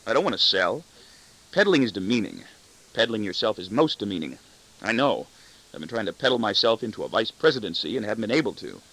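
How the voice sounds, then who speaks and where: A man's voice: lowish voice, big pitch swings, fast, fairly bright tone, full character voice, rough recording. A man voicing an arrogant, cutting corporate boss in an audiobook, with a sardonic, self-satisfied delivery. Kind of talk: audiobook reading.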